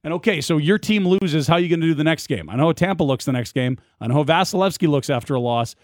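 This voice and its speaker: A man's voice: fairly high pitch, lively intonation, quick pace, dry recording, studio quality. A man co-hosting a casual sports talk show, making confident, argumentative points.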